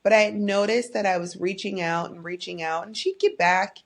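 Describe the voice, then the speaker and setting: In a personal podcast monologue, this middle-aged host speaks from the heart about her life, openly emotional and touched by faith. Her medium-pitched voice holds a steady tone at normal speed.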